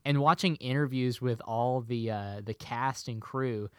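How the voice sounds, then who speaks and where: A man's voice: mid-range voice, a little slow, clear, resonant tone, no echo, studio quality. A man co-hosting a casual movie podcast, chatting playfully and quizzing his co-host. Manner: playful, quizzing with a hammy pirate delivery.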